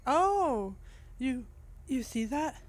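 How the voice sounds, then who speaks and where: Young adult woman gaming on camera, reactive and chatty, slightly high voice with an unhurried delivery. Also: sing-song, slight background noise. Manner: chatty, reactive, self-deprecating. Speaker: gamer playing a horror game demo. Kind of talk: casual let's-play commentary.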